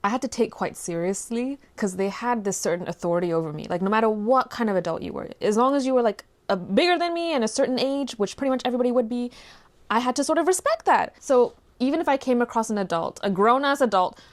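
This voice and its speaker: Female vlogger, fired-up commentary, bright higher voice that swings a lot. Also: fast talker. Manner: exasperated, animated, swings from low mutters to loud outbursts. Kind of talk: ranting commentary on a news story.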